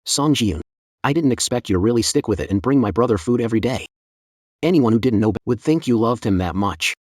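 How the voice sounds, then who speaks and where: A man's voice: medium pitch, animated, fairly quick, no room sound, natural voice. A man voicing a scheming, greedy young brother-in-law, sneering and sarcastic, in a dry booth. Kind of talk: dubbed drama acting.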